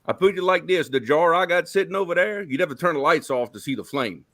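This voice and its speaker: A man's voice: on the high side, animated, fast, fairly bright tone, dry recording. A man chatting casually on a live open mic stream, telling stories in an easygoing drawl.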